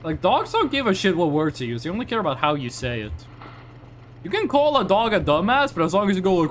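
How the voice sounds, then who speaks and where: A man's voice: high-pitched, very animated, fast, a little hiss or hum. A young man streaming live, chatting casually and rambling in reply to his chat, often restarting his sentences.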